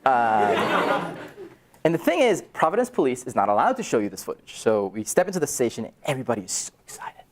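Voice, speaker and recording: Animated young man telling a story. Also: fairly quick, a little hiss or hum. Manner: animated storyteller, acts out quoted dialogue with sudden high excited jumps. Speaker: startup founder giving a talk. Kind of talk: storytelling talk to students. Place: university event room, audience present.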